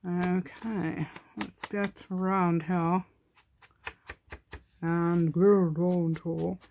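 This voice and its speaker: Chatty woman with a lowish voice. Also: flat delivery, drawn-out words, darkish tone, slight background noise. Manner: rambling, talks to herself, laughs often. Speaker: craft channel host. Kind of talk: chatty crafting tutorial.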